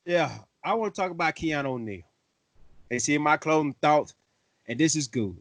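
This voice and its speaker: A man hosting a sports fan show, excitable and playful, full of slang. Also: a little high, normal speed, no room sound. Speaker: host. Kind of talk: fan sports podcast talk.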